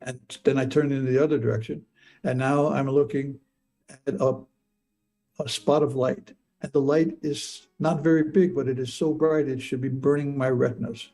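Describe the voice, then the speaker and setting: Older man, gravelly and dark, halting personal storytelling with frequent repeats. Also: mid-range voice, fairly even intonation. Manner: halting, repeats words, stammers. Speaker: speaker telling a near-death experience.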